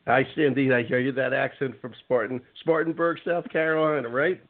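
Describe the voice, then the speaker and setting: A man hosting a casual radio talk show, chatty and rambling, spelling out web addresses slowly. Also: medium pitch, fairly even intonation. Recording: phone-like narrow band.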